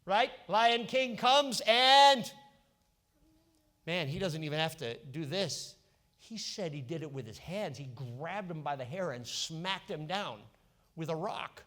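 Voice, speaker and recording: A male pastor preaching a sermon, telling a Bible story with lively voices for its characters. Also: fairly high pitch, slow pace. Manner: animated storytelling, acting out biblical characters.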